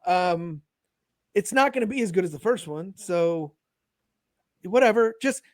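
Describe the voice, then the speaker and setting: A man co-hosting a podcast, chatting in an excited, rambling way. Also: high voice, a little slow, no room sound, clean studio sound. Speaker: podcast co-host. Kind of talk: casual chat.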